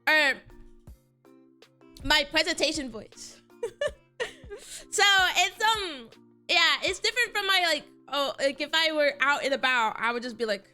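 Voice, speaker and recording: High, bright-voiced woman streamer. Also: animated, measured pace, pauses often, faint music behind. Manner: laughs often, emphatic, answers chat. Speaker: VTuber streamer. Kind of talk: casual live-stream chat.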